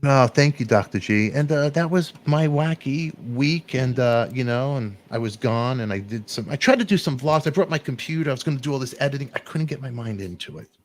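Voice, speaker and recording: A middle-aged man hosting a talk show, rambling through animated, emotional storytelling and quoting friends. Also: medium pitch, fairly quick, hardly any pauses. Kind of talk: emotional casual chat.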